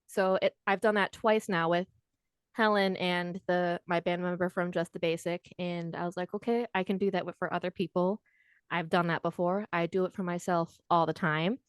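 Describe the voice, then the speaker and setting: A woman's voice: lowish voice, steady tone, normal speed, clean tone, dry recording, studio quality. A young woman, a podcast guest, telling her story in a chatty, self-deprecating way. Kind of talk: casual storytelling.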